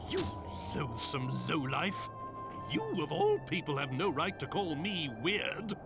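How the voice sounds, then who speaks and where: A man's voice: a little high, very animated, takes it slowly, over music, heavily acted. An actor playing a haughty, indignant old king cursed into a monster, in a game's voice acting, with a theatrical manner. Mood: outraged. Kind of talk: game voice acting.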